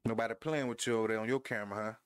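A man's voice: lowish voice, fairly even intonation, rapid-fire, clear, resonant tone. Trash-talking man playing a wrestling game. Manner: trash-talking, laughing, talks to viewers and opponent. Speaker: gamer. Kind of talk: casual gameplay commentary. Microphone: headphones headset.

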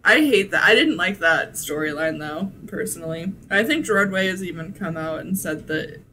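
A woman co-hosting a podcast in casual chat, easygoing and quick to laugh. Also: fairly low pitch, lively intonation, pushed and bright, a little hiss or hum. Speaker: podcast co-host.

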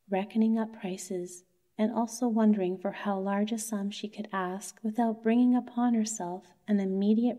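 A woman reads a bedtime story aloud in a soothing, soft delivery. Her voice is darkly mellow and warm-toned, never bright. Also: mid-range voice.

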